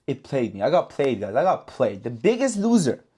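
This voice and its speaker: A man hosting a casual trading recap vlog, talking in an animated, profane way and repeating himself for emphasis. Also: medium pitch, normal speed, breathy edge. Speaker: trading channel host.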